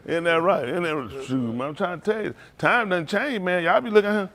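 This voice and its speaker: A male pastor giving a playful sermon to his congregation, laughing and joking and then turning low and earnest. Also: brisk. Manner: drops to a low, quiet earnest tone for counsel.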